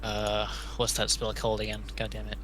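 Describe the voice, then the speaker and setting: Flat, bright-voiced man at the game table. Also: on the low side, fairly quick, a little hiss or hum. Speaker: player. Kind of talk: casual game chat.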